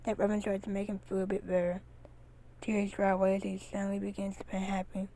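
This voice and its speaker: A woman reading a fan-written animal story aloud in a soft, unhurried way. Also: medium pitch, completely flat delivery, slight background noise.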